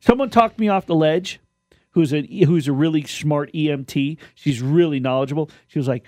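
A man's voice: fairly high pitch, normal speed, a little mellow, no room sound, clean studio sound. A man in his fifties telling a rambling story with many restarts, co-hosting a casual radio show. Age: 50s. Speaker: radio co-host. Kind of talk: casual chat.

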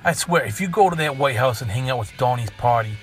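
A man putting on the voice of a brash, profane, nagging wife with a Boston accent, loud and shrill. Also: lively intonation, a little fast, faint music behind, close to an everyday voice.

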